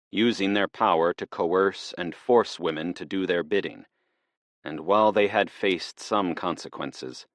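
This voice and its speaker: A man with a very low, deep voice narrates an audiobook. His reading is measured but lively, rising and falling with the story. The recording is close and dry. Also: no echo.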